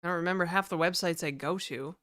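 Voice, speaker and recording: A woman's voice: on the low side, quick pace, a bit bright, no echo, studio quality. A woman streamer chatting casually to her viewers live, venting and swearing a lot.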